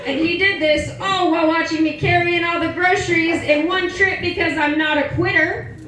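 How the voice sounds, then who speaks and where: A woman's voice: very high-pitched, steady tone, normal speed, fairly bright tone. Brash woman doing stand-up in a roomy club. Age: 40s. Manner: brash, profane, chatty with the audience. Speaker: stand-up comedian. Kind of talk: stand-up comedy set with crowd work. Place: comedy club stage. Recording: roomy live venue, distant mic, audience laughter.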